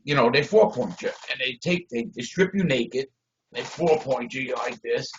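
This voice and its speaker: Blunt, profane man on a dull call. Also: mid-range voice. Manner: blunt, profane, swings loud and soft. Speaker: interview guest. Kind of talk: profane storytelling over a video call. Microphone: video call. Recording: dull lo-fi video call audio.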